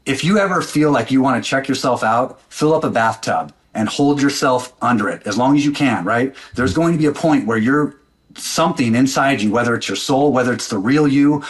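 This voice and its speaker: A man's voice: medium pitch, a little fast. A middle-aged man, a podcast guest, telling a personal story in an intense, blunt way and swearing freely.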